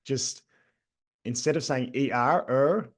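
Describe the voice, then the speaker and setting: A middle-aged Australian man getting over a cold, a guest talking about his agency in a relaxed, chatty way with many ums. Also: mid-range voice, normal speed. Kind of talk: casual interview talk.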